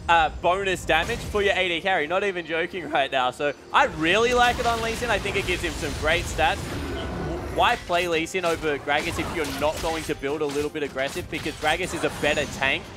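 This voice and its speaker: A man's voice: a little high, brisk, background noise. A man giving esports color commentary, explaining builds and plays step by step and slipping in dry jokes. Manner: explanatory, dry joking asides.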